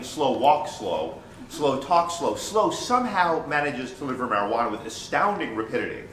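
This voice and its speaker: A man performing a stand-up storytelling monologue on stage, animated and self-mocking, often repeating phrases. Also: a little high, a little hiss or hum. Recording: roomy stage sound, mic at a distance.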